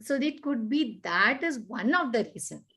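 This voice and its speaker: A woman giving parenting advice in an earnest, animated conversational way. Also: fairly high pitch, normal speed, husky. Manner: earnest, repetitive, animated explaining with acted-out examples. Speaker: parenting expert guest.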